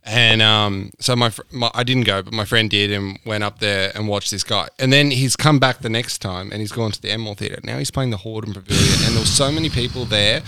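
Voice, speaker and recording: Brief: young Australian male co-host, bright and close-miked, swears a lot, tells lively stories. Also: fairly low pitch, fairly quick, few pauses, smooth, no room sound. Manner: sweary, animated storytelling with put-on voices. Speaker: podcast co-host. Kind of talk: casual chat.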